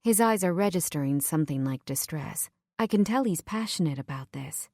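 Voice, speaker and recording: A woman narrating a first-person romance audiobook in a soft, intimate, measured voice on a close mic. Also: sits low, expressive, dry recording.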